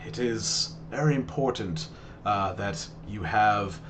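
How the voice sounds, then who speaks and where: Polite, formal royal prince, voiced by the game master; unhurried courtly manners. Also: male voice, lowish voice, a bit bright, a little hiss or hum. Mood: courteous.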